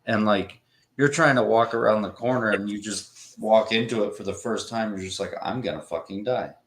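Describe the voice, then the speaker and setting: A man chatting casually on a podcast, slow and swearing now and then. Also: on the low side, steady tone, fairly bright tone. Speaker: podcast co-host. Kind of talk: casual chat.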